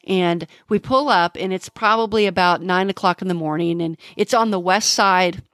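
A woman's voice: fairly low pitch, a bit bright, no echo, clean studio sound. Woman detective recounting a case. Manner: halting, emotional storytelling with restarts. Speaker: homicide detective.

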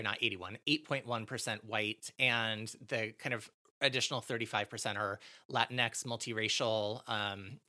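A man's voice: mid-range voice, pushed and bright. A man hosting a podcast, telling a true-crime story in a casual, chatty way, full of fillers and self-corrections. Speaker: podcast host.

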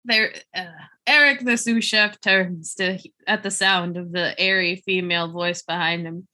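A woman improvising a comic story in a halting, giggly way. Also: mid-range voice, bright, forceful tone.

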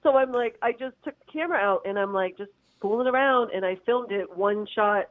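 A woman comedian talking down a tinny, phone-like line, mid-pitched and chatty. She rambles through her stories with plenty of ums and you-knows, laughing as she goes. The sound is dry and close, with no room around it. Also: fairly quick, no room sound. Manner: rambling, lots of fillers, laughs often. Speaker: comedian guest. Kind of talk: phone-in interview.

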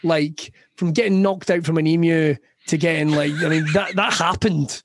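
A man's voice: a little high, fairly even intonation, normal speed, no echo. A Scottish man in his forties, a comedian chatting casually on a podcast, swearing and laughing as he rambles through stories. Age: 40s. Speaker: comedian guest.

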